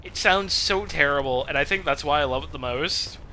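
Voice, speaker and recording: Young male streamer, bright tense tone, swears freely, laughs easily. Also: on the high side, moderate pace, a little hiss or hum. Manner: swears a lot, laughs at his own jokes. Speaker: streamer playing a game. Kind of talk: casual gameplay commentary.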